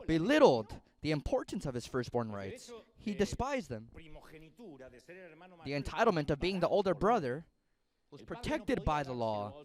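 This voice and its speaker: Male pastor, sermon, high and animated, playful storyteller.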